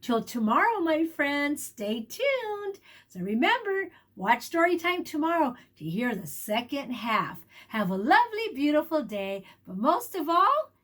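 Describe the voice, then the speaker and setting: A woman's voice: sits high, measured pace. A woman teacher reading a picture book aloud to young children, asking them questions as she goes. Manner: warm, animated storytelling with questions to children.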